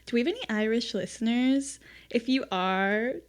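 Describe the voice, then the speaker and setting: A young woman co-hosting a podcast, chatting in a relaxed way with frequent laughs. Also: fairly high pitch, moderate pace, smooth. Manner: relaxed, laughing, filler-heavy. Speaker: podcast co-host. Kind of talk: casual chat.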